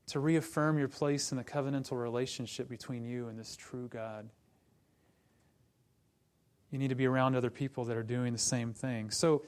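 A man preaching a sermon to a congregation in a conversational way, turning animated when he retells stories. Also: medium pitch. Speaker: pastor.

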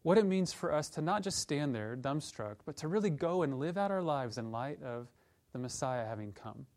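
A man's voice: on the high side, lively intonation, moderate pace, a little mellow. A man preaching a conversational Advent-season sermon as pastor, acting out quoted lines from the scripture story. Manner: conversational, plays out quoted voices of disciples and angels.

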